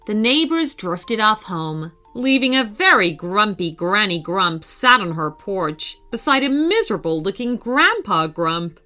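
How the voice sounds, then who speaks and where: A woman narrating a scripted children's story in an expressive, sing-song way. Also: lowish voice. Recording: faint background music.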